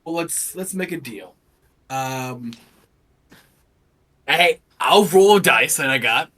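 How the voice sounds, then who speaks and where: A man's voice: fairly high pitch, expressive, takes it slowly, fairly bright tone. A man playing a tabletop game in character, haggling in a dry way. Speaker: player.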